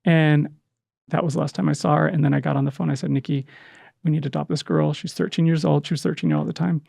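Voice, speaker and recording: A middle-aged man telling an emotional personal story in conversation, earnest and halting, with many restarts. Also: on the high side, lively intonation, gravelly, darkish tone, no echo, studio quality. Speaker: podcast guest, adoptive father.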